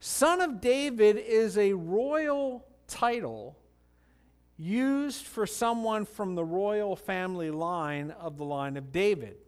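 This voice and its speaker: A man preaching a sermon, reading scripture and explaining it in an earnest teaching manner, rising louder when quoting the cries of the people in the story. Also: high-pitched, expressive, slow pace, smooth. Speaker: pastor.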